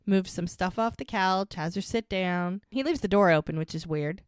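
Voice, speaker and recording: Woman retelling a TV episode, low voice. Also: normal speed, smooth, no room sound, studio quality. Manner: animated retelling, quoting characters' lines. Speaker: podcast co-host. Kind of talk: casual chat recapping a TV episode.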